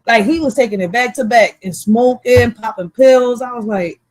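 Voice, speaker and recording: Raised in Philadelphia with Puerto Rican roots, this woman co-hosts a casual talk show full of swearing, bluntness, and frequent laughter. She speaks at normal speed in a voice on the high side, a little mellow, with no room sound.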